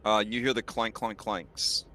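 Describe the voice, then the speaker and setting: A man acting as game master, narrating a tabletop game in a relaxed way with many fillers. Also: on the low side, measured pace, a little hiss or hum.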